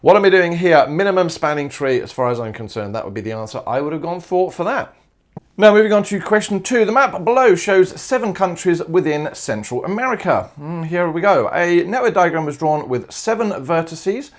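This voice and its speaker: With a fairly high pitch, big swings in intonation, and a slightly fast pace, an Australian man walks through exam solutions as he thinks aloud. He's a maths teacher whose step-by-step chat includes informal asides and fillers like "uh" and "all right."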